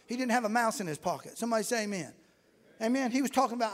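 A man's voice: extremely high pitch, expressive, rapid-fire. A man preaching a fervent, folksy sermon and reading scripture aloud in a church. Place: church sanctuary. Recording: echoey hall with long reverb.

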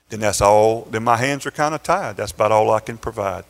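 Chuckling pastor telling a story. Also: male voice, fairly low pitch, fairly quick, creaky, few pauses, fairly bright tone. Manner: conversational, with chuckles and repeated restarts. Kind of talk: sermon storytelling. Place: church sanctuary.

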